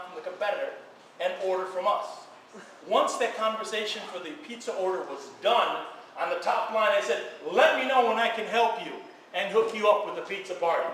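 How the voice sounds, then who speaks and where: A man giving an energetic conference talk to an audience, stressing key words and repeating phrases for effect. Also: high-pitched, far from the mic, a little hiss or hum. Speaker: speaker at a social media event. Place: event hall with an audience. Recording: echoey room picked up from afar.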